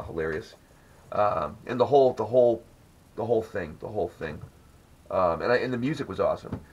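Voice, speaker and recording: A man's voice: lowish voice, slightly rough, poor audio. A man hosting a podcast, telling rambling, profane stories in casual chat. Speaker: podcast host.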